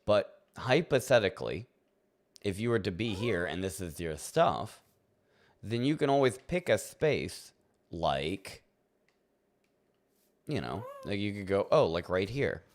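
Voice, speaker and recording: A man's voice: on the low side, very animated, unhurried, long pauses. A man casually chatting with viewers while playing a game, playful and rambling, chuckling often and talking to his chat. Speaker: streamer.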